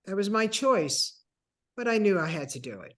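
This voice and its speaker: A woman in her sixties, a guest telling a personal story with animated, acted-out dialogue. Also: medium pitch, normal speed. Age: 60s. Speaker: interview guest.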